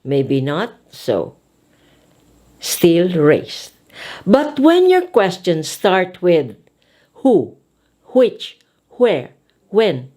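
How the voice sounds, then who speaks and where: A woman's voice: lowish voice, warm tone. A woman speech coach giving a lesson, speaking emphatically and demonstrating intonation as she teaches. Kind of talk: teaching lecture.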